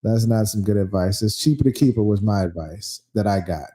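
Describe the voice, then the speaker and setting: A man's voice: on the low side, fairly quick, echoey room. A man hosting a podcast in casual chat, telling stories with lots of swearing and acting out the quotes himself. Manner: animated storyteller, acts out quotes, swears freely. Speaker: podcast host.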